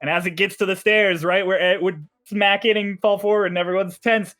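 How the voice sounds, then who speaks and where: A man narrating as game master of a tabletop game, in an animated style full of laughter. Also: sits high, fairly quick, faint music behind.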